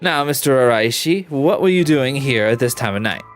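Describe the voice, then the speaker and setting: A man voicing a pushy middle-aged male police detective who asks brisk, insistent questions. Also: mid-range voice, lively intonation, faint music behind, voice pushed up, natural voice. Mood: probing.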